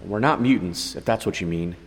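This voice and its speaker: A man's voice: low-pitched, brisk, long reverb tail. A man voicing a tough male cyborg major who talks bluntly and gives orders. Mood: gruff.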